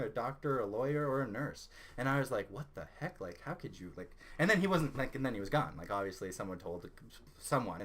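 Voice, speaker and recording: Animated young Canadian man telling a story. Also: mid-range voice. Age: young adult. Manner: animated, excitable storyteller who rises loud when indignant. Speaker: channel host. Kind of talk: casual storytelling vlog.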